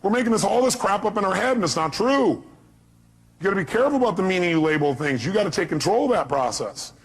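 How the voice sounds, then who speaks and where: A man's voice: sits high, animated, fast talker, slightly rough. A man giving a live motivational seminar talk, speaking emphatically and bluntly and firing rhetorical questions at the audience. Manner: blunt, occasional profanity.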